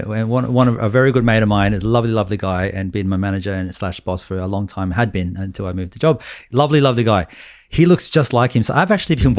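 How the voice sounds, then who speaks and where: In studio-quality audio with no echo, a man with a lowish voice and an Australian accent co-hosts a casual sports podcast. He talks bluntly in rambling runs, swearing now and then.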